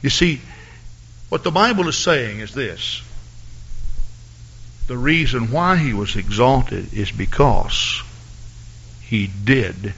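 A man preaching a sermon, reading scripture in a measured way and rising to loud, shouted exhortation. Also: on the low side, creaky, husky, highs cut off.

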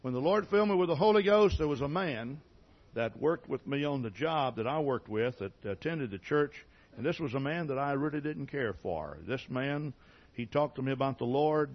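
Husky preacher telling his testimony. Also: medium pitch, dull audio. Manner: folksy storytelling, frequent restarts and throat clearing. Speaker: pastor. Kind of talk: sermon testimony.

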